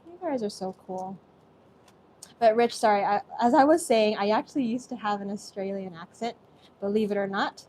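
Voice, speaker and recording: A woman's voice: mid-range voice, normal speed, warm tone, a little hiss or hum. A young woman with an American accent hosting a live cooking stream from her kitchen, chatty and effusive as she thanks viewers by name. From Singapore. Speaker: host.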